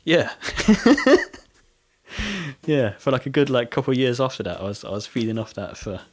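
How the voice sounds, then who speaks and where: A man's voice: medium pitch, sing-song, normal speed. A British man telling a story in casual chat, rambling and full of fillers, often laughing.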